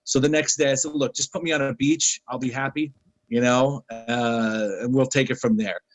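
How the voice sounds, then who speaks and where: A man's voice: mid-range voice, normal speed, no room sound, rough recording. A man tells a story in casual guest talk, acting out each line of dialogue. His voice sits in a middle register. The sound is dry and close to the mic. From New York City. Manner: animated anecdotes, acting out quoted dialogue. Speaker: interview guest.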